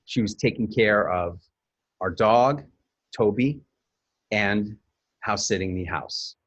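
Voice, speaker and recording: A man's voice: fairly low pitch, takes it slowly, fairly bright tone, slightly rough. A middle-aged man hosting a webinar, telling a candid, rambling personal story and correcting himself as he goes. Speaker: webinar host.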